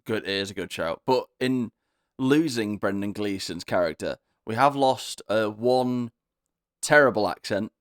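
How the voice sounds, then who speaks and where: A man's voice: fairly low pitch, measured pace, clean tone, no echo. A young man co-hosting a casual film podcast with dry, sarcastic humor. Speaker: podcast co-host. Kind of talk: casual film review chat.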